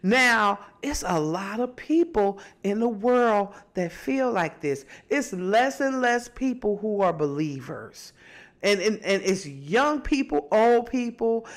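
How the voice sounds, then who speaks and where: Animated woman podcast host, lively pitch. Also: slow pace. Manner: animated, preachy, sings a phrase, mimics voices. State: stuffy from allergies. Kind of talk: casual commentary.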